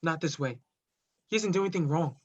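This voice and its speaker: A man's voice: a little high, expressive, brisk. A man reading the part of a blunt, stubborn young police officer in a play reading over a video call. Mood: firm. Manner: blunt, argumentative. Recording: dull lo-fi video call audio.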